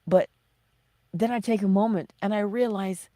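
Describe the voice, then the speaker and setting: A middle-aged woman hosting a motivational livestream, speaking slowly and emphatically and often dropping to a breathy whisper. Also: mid-range voice, warm tone, no room sound, studio quality. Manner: acts out her own self-talk in little voices. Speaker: livestream host.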